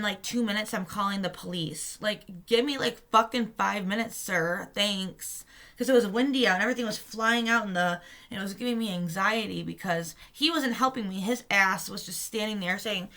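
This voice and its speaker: A woman's voice: medium pitch, moderate pace, pushed and bright. A young woman from Michigan telling a story in a casual vlog, blunt and heated, swearing freely and acting out what others said. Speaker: vlogger recounting a protest.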